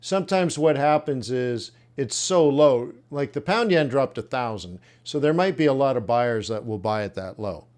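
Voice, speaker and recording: A man's voice: mid-range voice, lively intonation, normal speed, few pauses, darkish tone. A man coaching traders in a live webinar, thinking aloud and reacting bluntly as he reviews trade plans. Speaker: trading coach. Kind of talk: live trading webinar commentary.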